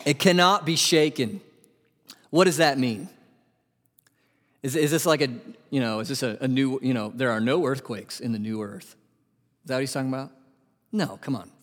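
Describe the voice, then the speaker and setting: A man preaching a sermon as pastor, animated and asking his congregation questions. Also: mid-range voice, moderate pace, long pauses. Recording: long hall reverb.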